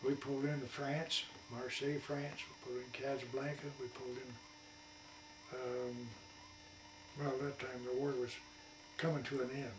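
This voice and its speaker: An older man spins long, wandering war stories in a folksy country way, stopping to restart and acting out other people's voices. His voice sits back from the mic in a roomy space. A steady hum runs underneath. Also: mid-range voice, moderate pace, recorded from a distance. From Iowa. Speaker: veteran interviewee. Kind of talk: rambling oral-history storytelling. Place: his home, in a room.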